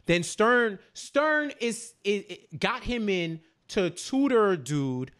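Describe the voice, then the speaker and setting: A young man talks through a TV episode with a co-host, his pitch swinging up and down as he acts out the scenes. He starts over often and keeps a loose, casual pace. The delivery is lively and conversational. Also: takes it slowly. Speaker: podcast co-host. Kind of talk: casual chat.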